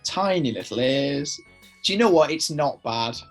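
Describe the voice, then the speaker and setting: A man's voice: mid-range voice, animated, normal speed, faint music behind. A man co-hosting a casual drawing game, teasing and swearing in mock indignation. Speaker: co-host.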